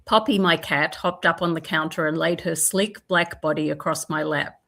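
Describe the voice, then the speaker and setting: A woman's voice: deep voice, steady tone, moderate pace, creaky, fairly bright tone. A woman literary agent chatting and reading a manuscript aloud in a live video Q&A. She is chatty and pokes fun at herself. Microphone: video call.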